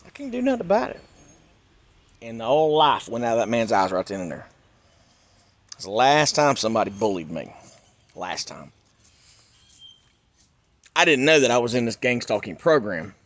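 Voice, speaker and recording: A middle-aged man from North Carolina, telling a personal story in an animated, emphatic rant. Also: lowish voice, normal speed, long pauses, no echo. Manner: animated, emphatic, swings between loud and hushed. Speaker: YouTuber.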